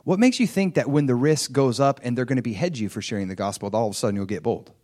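A man's voice: medium pitch, fast, mellow. A middle-aged man preaching a sermon, telling a personal story and acting out his own thoughts with energy.

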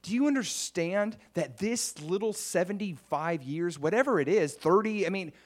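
A man's voice: high voice, lively intonation, moderate pace. A man preaching a sermon in a conversational storytelling way, acting out the scenes he tells.

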